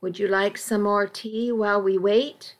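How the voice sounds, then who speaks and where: A caring, firm aunt, as a woman reader puts her on in a storybook reading. She talks gently but sternly, pleading and steady at an ordinary mid pitch. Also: measured pace, natural voice. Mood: concerned, stern. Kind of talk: audiobook reading.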